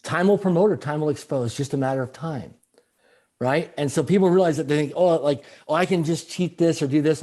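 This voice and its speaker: Middle-aged man, guest storyteller, brighter higher voice, animated, leans on repetition. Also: a little fast. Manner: animated, repeats phrases for emphasis. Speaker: guest speaker. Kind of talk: storytelling in a conversational interview.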